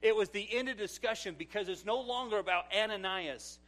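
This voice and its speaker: A middle-aged male pastor with a high voice preaches a sermon at a brisk pace, swinging from loud exclamations to hushed asides while telling stories and acting out quotes.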